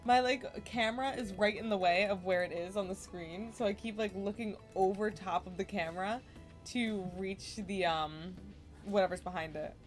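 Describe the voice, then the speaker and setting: Relaxed, chatty woman streamer. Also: mid-range voice, normal speed, faint music behind. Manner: relaxed, chatty, self-deprecating, muttering asides. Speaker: gaming streamer. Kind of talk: casual gameplay commentary.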